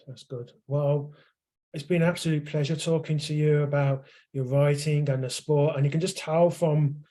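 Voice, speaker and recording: Mellow male podcast host. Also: a little high. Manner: polite, thanks the guest at length. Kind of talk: interview hosting.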